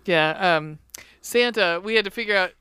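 A woman's voice: mid-range voice, moderate pace, fairly bright tone, clean tone, no echo, clean studio sound. A woman co-hosting a podcast in casual chat, giggly and jokey, talking over a remote call. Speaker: podcast co-host.

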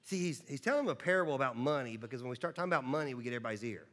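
A male pastor preaching a sermon in a conversational way, often repeating words as he starts a sentence and swinging from loud emphasis to low, hushed asides. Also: animated, racing.

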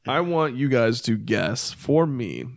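A young man co-hosting a podcast, talking loudly and laughing a lot as he jumps in over the others. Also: mid-range voice, sing-song, slow, gravelly, background noise. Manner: loud, laughing, interrupting. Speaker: podcast co-host. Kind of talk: casual chat.

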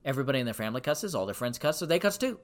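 A man teaching from the Bible in a sermon style, emphatic, repeating phrases for stress and reading verses slowly. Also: mid-range voice, sing-song. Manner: reads scripture slowly and deliberately.

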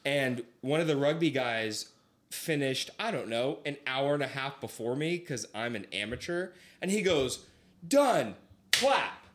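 A man's voice: normal speed, slight background noise. A young man telling a long story in casual chat, acting out voices as he goes. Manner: animated, acts out quoted voices with big pitch swings.

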